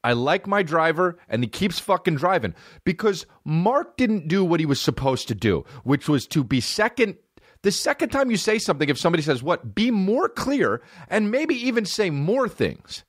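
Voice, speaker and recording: A man in his thirties hosting a comedy podcast, ranting in a profane, animated way. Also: high-pitched, normal speed, no echo, clean studio sound. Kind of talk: casual comedic rant.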